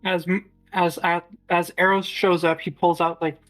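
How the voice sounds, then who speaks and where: Woman narrating a tabletop game, halting. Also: fairly low pitch, level tone, faint music behind, low-quality recording. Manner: halting, full of restarts. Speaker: game master.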